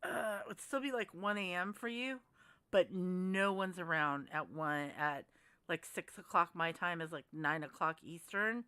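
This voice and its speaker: A woman's voice: lowish voice, unhurried, bright, forceful tone, clear, resonant tone, no room sound. A woman hosting a casual livestream, chatting with viewers in a rambling, friendly way. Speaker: livestream host. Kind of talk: casual livestream chat reading comments.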